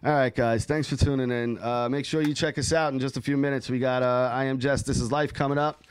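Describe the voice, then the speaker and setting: A man's voice: medium pitch, steady tone, fairly quick, clean tone. A man hosting a casual podcast chat, talking in a profane, emphatic, rambling way. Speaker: podcast host.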